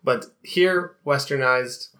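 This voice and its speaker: A man's voice: medium pitch, pushed and bright. A man from Canada co-hosting a casual music podcast, easygoing and often restarting his sentences. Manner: easygoing, hesitant restarts, quick laughs. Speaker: podcast co-host. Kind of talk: casual chat.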